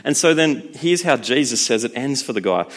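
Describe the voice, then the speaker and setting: A man preaching a sermon in a conversational, lively way. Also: medium pitch, moderate pace. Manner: conversational, lively, acts out voices.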